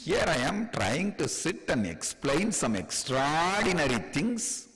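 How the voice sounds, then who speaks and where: A man from India with an Indian accent giving a spiritual discourse, chuckling often and speaking in an animated, teasing way. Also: fairly high pitch, measured pace, long reverb tail, rough recording. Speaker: spiritual teacher.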